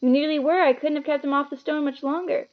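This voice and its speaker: A woman voicing a young boy wizard hero who shouts and pleads urgently in a storybook reading. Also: high voice, fairly even intonation, fast talker, narrow, tinny audio, voice pushed up, close to an everyday voice. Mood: puzzled.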